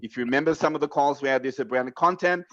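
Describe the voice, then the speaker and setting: A man's voice: medium pitch, quick pace, fairly bright tone, lo-fi sound. A man giving a motivational sales coaching talk on a team video call, emphatic and direct, laying out numbered points to his reps.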